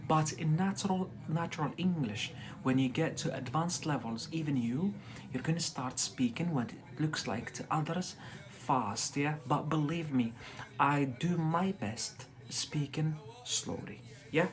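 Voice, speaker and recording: Slow-talking man tutoring English. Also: on the high side. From Algeria. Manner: deliberately slow, frequent "yeah?" check-ins. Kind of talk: live-streamed English lesson.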